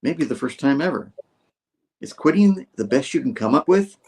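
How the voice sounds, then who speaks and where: An earnest young superhero offering encouragement, as a man puts him on. The voice is close to the man's own, only slightly raised, with a lively, sincere tone. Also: mid-range voice, normal speed, creaky, husky, voice pushed up.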